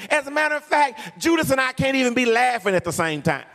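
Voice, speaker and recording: A high-pitched male preacher delivering a lively sermon with humor and a sing-song lilt. His voice carries a long reverb, as if filling a large hall. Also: fast talker.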